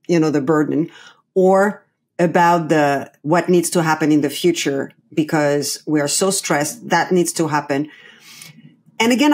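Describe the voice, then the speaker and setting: A middle-aged woman from France with a French accent, a coach talking as a podcast guest, lively and laughing often. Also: sits low, breathy edge. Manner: lively, laughs often, acts out imagined quotes. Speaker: guest, play coach and company founder. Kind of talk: conversational podcast interview. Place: New York.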